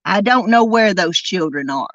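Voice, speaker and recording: A woman hosting a true crime podcast, delivering an indignant, emphatic monologue and drawing out key words slowly. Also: mid-range voice, animated, fairly bright tone, no room sound, lo-fi sound. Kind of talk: angry commentary monologue.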